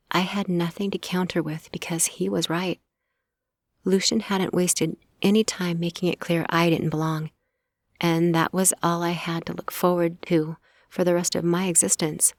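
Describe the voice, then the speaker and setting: A woman narrates a first-person audiobook in a steady, even way. Her voice sits low with a gravelly texture. The recording is close and dry. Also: dry recording.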